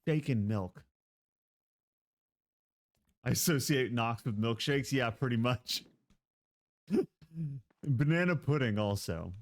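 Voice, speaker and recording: A man's voice: medium pitch, expressive, slow pace, pauses often. A man live streaming, chatting casually with his viewers in a playful, giggly way and laughing often.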